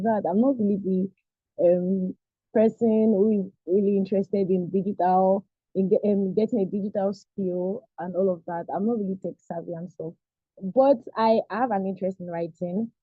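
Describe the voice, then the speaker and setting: A young woman, a recent graduate, giving a halting, emotional testimonial on a video call, close to tears. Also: mid-range voice, no echo. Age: young adult. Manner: earnest, halting, near tears. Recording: tinny phone-like call audio.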